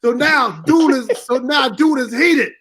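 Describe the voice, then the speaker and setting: A man with a strikingly high-pitched voice tells a rowdy story, swearing freely and laughing as he goes. He sounds like he is on a video call. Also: unhurried. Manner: animated, profane, laughing storyteller. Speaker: cast member guest.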